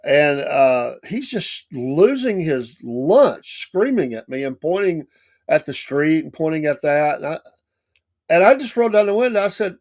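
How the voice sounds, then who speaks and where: A middle-aged man hosting a morning show, telling stories in a casual, animated way with lots of restarts. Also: fairly high pitch, unhurried. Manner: animated, acts out quoted lines with laughs and restarts. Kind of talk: casual storytelling monologue.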